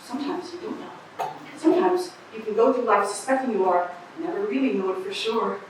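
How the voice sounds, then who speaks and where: A young woman acting on stage as an eccentric street bag lady who talks about aliens, with a raspy voice and a rambling, confiding manner. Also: mid-range voice, brisk, slight background noise, close to an everyday voice. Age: teenager. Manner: rambling, confiding, pointing out the audience. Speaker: student actor. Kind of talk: stage monologue. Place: camp theater stage. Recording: echoey hall from far off.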